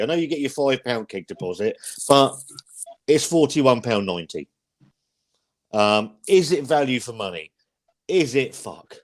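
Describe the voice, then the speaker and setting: A man hosting a casual livestream chat about beer, blunt and sweary, rambling with frequent restarts. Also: mid-range voice. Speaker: host.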